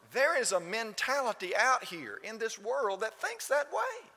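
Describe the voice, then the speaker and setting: A man's voice: very high-pitched, sing-song, unhurried, creaky, few pauses, bright, forceful tone, big-room sound. A man preaching a sermon in a church, emphatic and full of rhetorical questions to the congregation. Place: church building.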